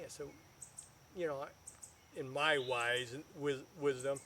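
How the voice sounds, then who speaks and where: A man, a guest financial advisor, telling stories in a casual video chat and building up to loud punchlines. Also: mid-range voice, steady tone, slow pace, slight background noise.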